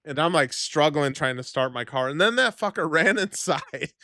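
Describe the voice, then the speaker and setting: A man, a streamer telling a story to his chat in a profane, animated way with sudden loud bursts. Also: on the high side, moderate pace, dry recording, studio quality.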